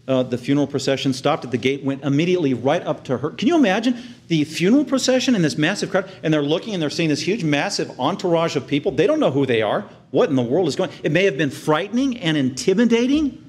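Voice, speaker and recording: A man preaching a sermon with earnest conviction, dropping to hushed tender lows and rising to loud, excited highs as he acts out the scene. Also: fast talker, slightly rough. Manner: acts out the crowd's outraged reactions in a raised voice. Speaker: pastor.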